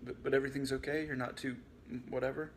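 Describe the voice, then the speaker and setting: A man's voice: medium pitch, flat delivery, fast, slight background noise, voice pushed up, natural voice. A man voicing an anxious, eager young man who stumbles over his words. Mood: hesitant.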